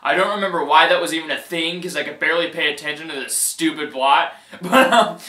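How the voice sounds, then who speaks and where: Male reviewer, high and sharp voice, exasperated casual rant with frequent laughs, echoey room. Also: a little fast. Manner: exasperated, emphatic, repeats himself, laughs often. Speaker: movie reviewer.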